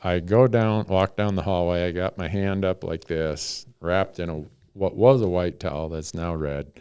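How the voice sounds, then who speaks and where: A man's voice: deep voice, steady tone, moderate pace, warm tone, smooth, no room sound. A middle-aged man, a podcast host, telling a story in a laid-back, wry way. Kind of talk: casual storytelling.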